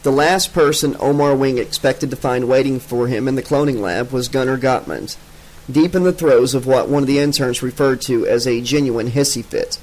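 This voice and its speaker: A man narrating an unabridged audiobook in a steady, even storytelling manner. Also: medium pitch, moderate pace, low-quality recording.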